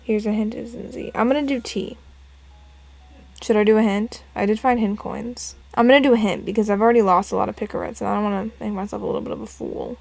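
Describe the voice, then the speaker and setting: A woman's voice: on the high side, moderate pace, vocal fry, a little mellow, no echo. A woman casually commenting and reading aloud while playing a puzzle game, chatty and self-deprecating. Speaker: gameplay narrator. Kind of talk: casual let's play commentary.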